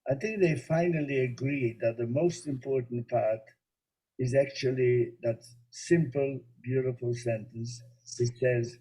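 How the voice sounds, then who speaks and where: A rabbi with a mellow, dark, mid-range voice teaches patiently, explaining ideas and telling short stories with gentle humor in the easy rhythm of a spiritual lesson. The recording is rough.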